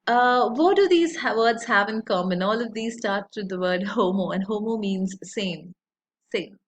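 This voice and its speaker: A woman, teaching a lesson in a slow, deliberate way, with many fillers. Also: medium pitch, a little hiss or hum. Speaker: English teacher. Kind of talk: recorded lecture.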